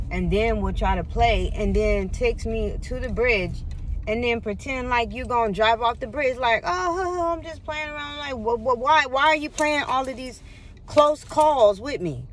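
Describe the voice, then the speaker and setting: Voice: medium pitch, a little hiss or hum. A vlogger earnestly recounting a painful personal testimony straight to viewers, often repeating and restarting phrases. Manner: earnest and repetitive, stumbles and restarts, speaks directly to viewers as "y'all". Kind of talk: emotional personal testimony to camera.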